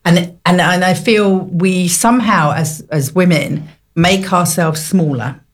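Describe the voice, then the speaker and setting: Earnest British woman with a deep voice. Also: a little slow. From Britain. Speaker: radio host. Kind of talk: casual radio chat.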